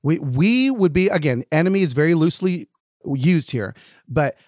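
Male podcast host, higher voice, dry close sound, animated anecdote teller. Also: normal speed, no echo. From lives in Nashville, Tennessee. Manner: animated storyteller, acts out quotes. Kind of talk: casual podcast chat.

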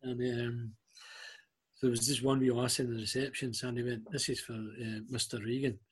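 A man's voice: mid-range voice, normal speed, a little hiss or hum. A middle-aged Scottish man telling a story in casual chat, acting out what people said. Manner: animated anecdotes, acting out quoted voices. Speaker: guest.

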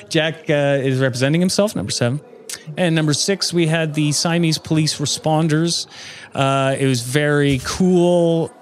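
A man's voice: fairly high pitch, unhurried, slight background noise. A man hosting an improvised comedy podcast, reading out a mock-serious countdown list.

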